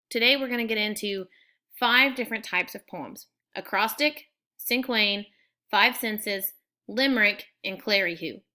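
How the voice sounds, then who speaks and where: A woman teacher giving a recorded lesson to students, explaining clearly and patiently step by step. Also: fairly high pitch, pushed and bright.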